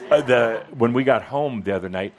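A man hosting a live gathering and chatting casually with his co-host in front of an audience, relaxed and full of "uh" fillers. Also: medium pitch, normal speed. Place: gathering room with an audience present.

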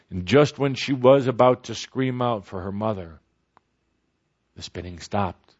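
A man telling a story aloud in a slow, gentle way with pauses. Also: fairly low pitch. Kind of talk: spoken storytelling. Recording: dull lo-fi recording.

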